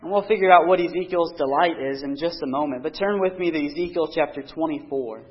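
A man's voice: fairly high pitch, fast. A man preaching a sermon, reading scripture aloud and explaining it earnestly, pressing harder on key points. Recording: dull lo-fi recording.

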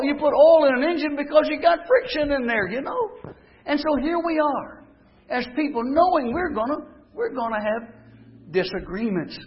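A man preaching a sermon, telling stories and rising to emphatic declarations. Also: high voice. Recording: dull lo-fi recording.

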